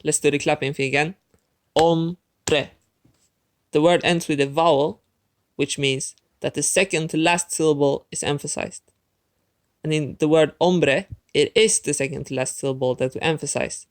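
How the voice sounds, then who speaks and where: A man teaching a language lesson in a clear, methodical scripted narration, talking straight to the viewer. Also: on the high side, steady tone, normal speed.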